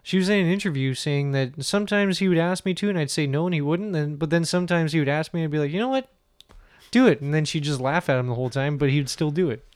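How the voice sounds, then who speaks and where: A man's voice: fairly high pitch, steady tone, quick pace, few pauses, clean tone, no echo. Crude, laughing podcast co-host, man. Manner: loose, crude, laughing banter. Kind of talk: casual chat.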